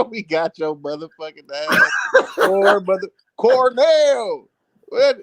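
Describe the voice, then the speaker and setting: A man co-hosting a livestream, talking in a loud, animated, mocking way and laughing often. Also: high-pitched, takes it slowly, creaky, no room sound. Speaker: co-host. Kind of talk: livestream banter.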